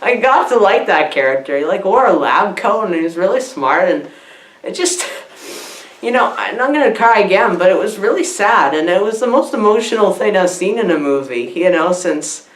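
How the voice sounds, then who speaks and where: A woman's voice: mid-range voice, lively intonation, moderate pace. A woman giving a rambling, dim-witted comic movie review, giggling as she meanders and acts out the characters. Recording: echoey room.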